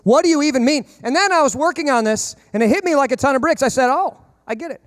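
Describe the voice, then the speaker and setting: A man preaching a lively, chatty sermon at a brisk clip, his voice sitting fairly high for a man. He slips into the voices of the people he quotes and throws in dry jokes as he goes. The sound is close and dry, with little room to it. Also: dry recording. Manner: animated, conversational, acts out quoted voices; humorous asides. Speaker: pastor.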